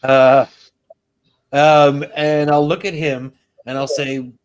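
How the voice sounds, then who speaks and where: A man's voice: a little high, flat delivery, slow pace, smooth. A man playing in a tabletop game, talking casually and hesitantly, asking questions. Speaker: player.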